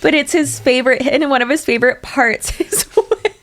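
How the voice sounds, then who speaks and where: A woman's voice: high-pitched, moderate pace, a bit bright. A woman in her thirties co-hosting a podcast in casual chat, blunt and swearing freely with frequent laughs. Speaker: podcast co-host.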